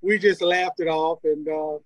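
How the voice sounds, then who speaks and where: High-voiced man telling an animated story. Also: a little slow, dry recording, poor audio. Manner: animated, laughs often, acts out quoted dialogue. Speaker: guest, former college football player. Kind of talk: casual storytelling.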